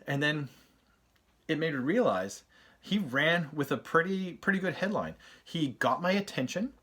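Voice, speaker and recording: A man's voice: fairly high pitch, lively intonation, measured pace, bright, forceful tone, slightly rough. A man with young children, hosting a channel and giving casual advice with lots of fillers and restarts. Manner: chatty, storytelling, many fillers and restarts. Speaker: host of an SEO channel. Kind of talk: casual talking-head advice.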